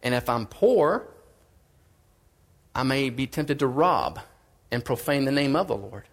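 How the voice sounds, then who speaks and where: A man preaching a sermon in a casual, conversational way, swinging between emphatic and quiet lines. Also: mid-range voice, lively intonation, measured pace.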